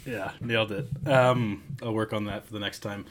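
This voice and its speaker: A man's voice: fairly low pitch, fairly even intonation, moderate pace, few pauses. A man co-hosting a basketball podcast, chatting casually in a jokey, meandering way. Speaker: podcast co-host. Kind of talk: casual sports chat.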